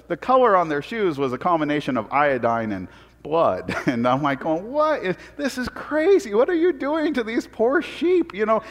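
Animated pastor telling a funny story. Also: male voice, on the high side, long reverb tail. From Portland, Oregon. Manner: animated storytelling, self-deprecating humor. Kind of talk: sermon with personal stories. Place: church sanctuary.

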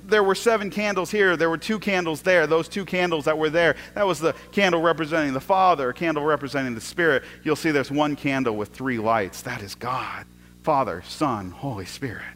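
Male pastor, fairly high voice, storytelling sermon, builds excitement then drops to a hush. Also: brisk, a little hiss or hum. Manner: storytelling, swings from loud excitement to hushed asides, repeats words.

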